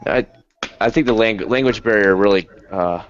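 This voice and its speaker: A man's voice: lowish voice, normal speed, slight background noise. An American man hosting a casual group video chat, telling stories in a chatty way and laughing easily. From United States. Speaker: host. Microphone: video call. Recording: lo-fi video call audio.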